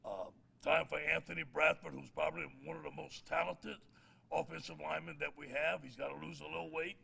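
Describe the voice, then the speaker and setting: At a press conference, a middle-aged head football coach gives a speech full of folksy stories and jokes, laughing at his own punchlines. His voice is slightly high, brisk and fairly even in intonation, sounding gravelly, pushed, bright, and a bit rough.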